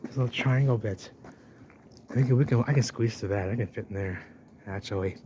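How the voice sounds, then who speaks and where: A man narrating as he walks through an old drained canal, talking excitedly to the camera. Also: fairly low pitch, a little fast. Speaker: urban explorer vlogger. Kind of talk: handheld walking commentary. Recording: noisy outdoor ambience.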